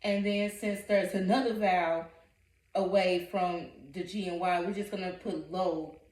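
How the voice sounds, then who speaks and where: A woman with a lowish, a little mellow voice speaks a little slowly with fairly even intonation. As a reading coach, she patiently gives a phonics lesson, sounding out words and repeating each one syllable by syllable. The recording is from a distance in an echoey room.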